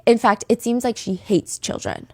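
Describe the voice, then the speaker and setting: A woman's voice: on the high side, very animated, moderate pace, no room sound. A woman hosting a podcast, telling a true-crime story with blunt, sarcastic commentary into a close mic. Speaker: podcast host.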